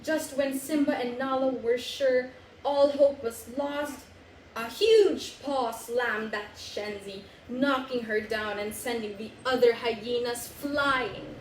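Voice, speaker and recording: A woman with a Filipino accent, storytelling for children in an animated, sing-song way and coaxing them to join in. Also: on the high side, slow pace, roomy sound, a little hiss or hum, low-quality recording. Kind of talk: live storytelling for kids.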